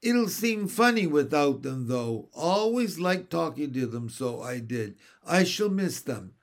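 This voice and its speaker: A man voicing a cheeky, chatty old male starling with a shrill, wheedling manner in a storybook reading. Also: very animated, measured pace. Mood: wistful.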